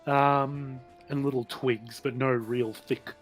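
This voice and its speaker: A man's voice: medium pitch, steady tone, slow pace, faint music behind. A man with an Australian accent narrating a tabletop game as game master, hesitant and full of ums and sort-ofs.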